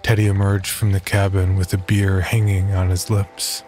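A man reading a horror story aloud in a steady, measured narrating voice. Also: low voice, music in the background.

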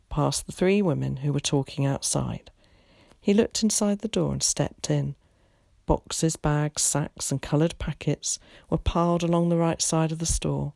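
A woman teacher reading a children's novel aloud in a calm, measured way. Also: deep voice, vocal fry, no echo, clean studio sound. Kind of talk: storybook read-aloud.

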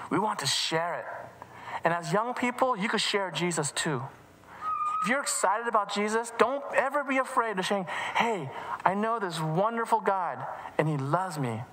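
A man's voice: sits high, bright, forceful tone, echoey room, in a large hall, poor audio. A man telling a children's story in a church service, acting out voices with many restarts.

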